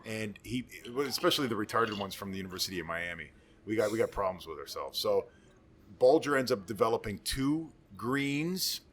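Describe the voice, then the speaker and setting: A man's voice: fairly low pitch, lively intonation, moderate pace, fairly bright tone, slight background noise. A former football lineman in his forties telling rambling, profane stories in casual chat. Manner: profane, rambling, boisterous storyteller. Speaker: podcast guest, former pro football lineman.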